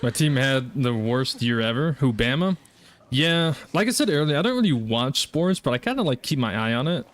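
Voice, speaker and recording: A man's voice: medium pitch, lively intonation, normal speed. A man with a Southern US accent chatting casually while streaming a game, rambling with lots of fillers and restarts. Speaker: gaming streamer. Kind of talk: casual live-stream chat while gaming.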